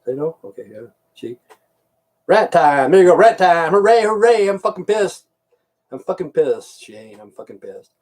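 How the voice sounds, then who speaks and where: Speaking at a normal speed, this middle-aged vlogger from the United States delivers an angry rant straight to the camera. His high-pitched, sing-song voice has a darkish tone as he swears and keeps repeating himself, profane and heated throughout.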